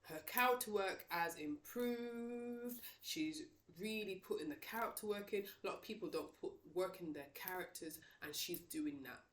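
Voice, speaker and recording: A woman's voice: mid-range voice, moderate pace, few pauses, echoey room. A woman giving a casual, emphatic opinion monologue on wrestling, talking straight to her viewers. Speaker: wrestling commentator.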